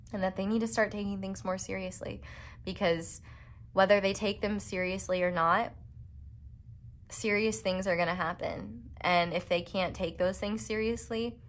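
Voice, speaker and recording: A woman giving a casual pick-a-card tarot reading, chatty and rambling with playful, self-mocking asides. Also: fairly low pitch. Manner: chatty and rambling, full of "like" fillers. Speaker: tarot reader.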